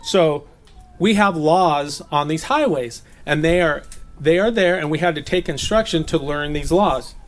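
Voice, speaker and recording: A man from Southern California giving a relaxed, chatty sermon, laughing often and slipping into playful voices. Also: a little high, measured pace. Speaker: preacher. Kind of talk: casual sermon teaching. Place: gathering.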